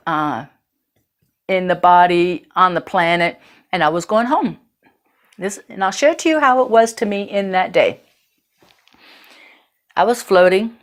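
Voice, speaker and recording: A woman host telling a personal story in a candid, earthy way, with casual swearing. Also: lowish voice.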